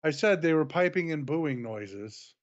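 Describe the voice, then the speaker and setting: A man's voice: fairly high pitch, lively intonation, a little slow. A man co-hosting a casual chat, mostly giving short agreeing replies and restarting his sentences. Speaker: co-host. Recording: muffled lo-fi mic.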